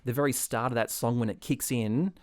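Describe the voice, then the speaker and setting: A man's voice: mid-range voice, brisk. A man co-hosting a podcast, chatting playfully and often laughing. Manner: playful, animated, prone to breaking into laughter. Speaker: podcast co-host. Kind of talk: casual comedic chat.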